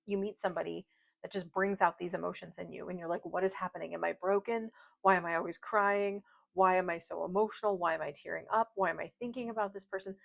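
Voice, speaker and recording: A woman reader talks through a tarot spread in a loose, rambling way, her voice carrying a gravelly, frayed edge. The sound is a little dull and lo-fi, as from a simple home setup. She drifts into friendly asides as she goes. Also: medium pitch. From United States. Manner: chatty, rambling, warm-hearted asides with light laughs. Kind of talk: casual tarot reading monologue. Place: home at night, outdoor noise faint. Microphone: video call style home recording. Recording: slightly dull, lo-fi home recording.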